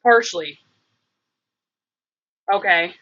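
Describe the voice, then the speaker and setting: A woman's voice: fairly low pitch, takes it slowly, fairly bright tone, highs cut off, slight background noise. A woman hosting a casual livestream, rambling and thinking aloud with many fillers. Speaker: livestream host.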